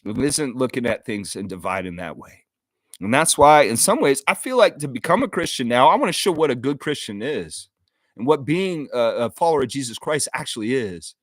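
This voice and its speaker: A man's voice: mid-range voice, very animated, brisk, no room sound, studio quality. A man hosting a live fan stream, talking earnestly and emotionally in a heartfelt, apologetic way, often restarting his sentences. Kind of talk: unscripted live stream monologue.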